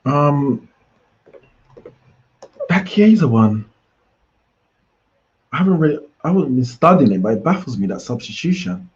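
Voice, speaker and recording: A man hosting a live football watchalong chats casually and reacts aloud to the play. His mid-range voice has big pitch swings, a slightly slow pace and frequent pauses, and the sound is lo-fi.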